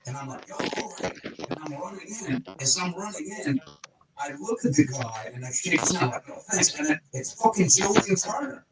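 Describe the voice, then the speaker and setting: Guy rambling swear-heavy stories, voice kinda high, sits back from the mic. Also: normal speed, roomy sound, recorded from a distance, very noisy. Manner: profane, rambling, animated anecdotes. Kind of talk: casual storytelling chat.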